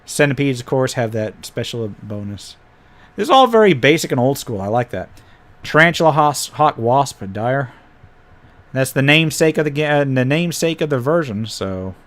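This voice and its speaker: Guy on a stream flipping through rpg pdfs, thinking out loud, dry little asides, normal mid pitch voice. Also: animated, moderate pace. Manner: thinking aloud while paging through files, with frequent wry asides. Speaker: host reviewing tabletop game PDFs. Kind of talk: casual live-stream commentary.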